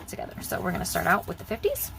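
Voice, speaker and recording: A woman's voice: on the low side, huge pitch swings, rapid-fire, vocal fry, background noise. A young woman chatting casually in her vlog, rambling and repeating herself as she talks about budgeting. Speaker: budgeting vlogger.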